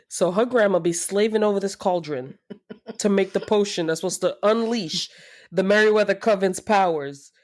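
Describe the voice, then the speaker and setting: A woman's voice: mid-range voice, normal speed, pauses often. A woman co-hosting a podcast in casual chat, laughing often as she talks. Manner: laughs often, animated, uses "y'all" and "girl". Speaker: podcast co-host.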